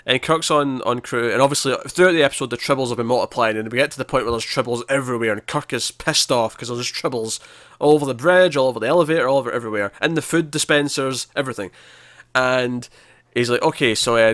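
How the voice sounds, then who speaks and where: A man on a review podcast, talking through an episode with excited, tumbling retellings full of false starts. His voice sits at an ordinary pitch. The sound is close and dry. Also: fast, no echo. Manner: animated, stumbling retelling with many restarts. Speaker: podcast co-host. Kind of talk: casual review chat.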